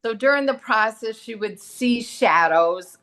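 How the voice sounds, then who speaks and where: A woman's voice: fairly high pitch, lively intonation, a little slow, a bit bright. A middle-aged woman, a medium and massage therapist, talking earnestly as a guest and acting out the voices in her stories. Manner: earnest, storytelling, acts out quoted dialogue. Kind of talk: casual talk-show conversation.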